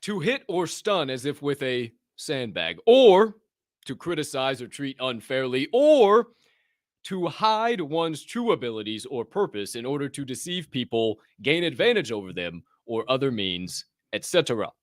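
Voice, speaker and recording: A man's voice: mid-range voice, very animated, measured pace, no room sound, clean studio sound. A man hosting a podcast, joking and swearing casually, laughing at his own bits. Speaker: podcast host. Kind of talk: casual chat.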